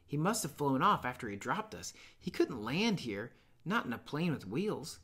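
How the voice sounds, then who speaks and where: A man's voice: fairly high pitch, sing-song, moderate pace, a bit bright, husky, exaggerated voice. A man voicing a fair-haired schoolboy who sounds offhand and curt, in a classroom read-aloud.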